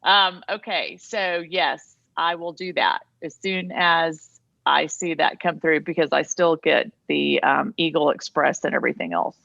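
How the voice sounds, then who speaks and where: A woman's voice: low voice, fairly even intonation, measured pace, gravelly, few pauses, a bit bright, dry recording. A woman on a video call chatting in a meeting, thinking aloud with fillers, over dull lo-fi call audio. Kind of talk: casual meeting chat.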